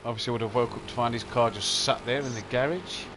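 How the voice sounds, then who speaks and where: A young man with a middle-pitched voice chats loosely through a long live racing stream, sounding worn down from lack of sleep. He explains things at length in an easy, rambling way. A faint hiss of noise sits under his voice. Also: quick pace. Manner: chatty, explaining. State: sleepy, late in an endurance stream. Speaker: stream host. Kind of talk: casual live-stream chat about a sim race.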